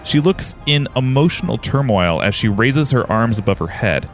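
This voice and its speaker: A man's voice: mid-range voice, expressive, normal speed, soft background music. A man narrating a tabletop game as game master, describing the combat in dramatic detail.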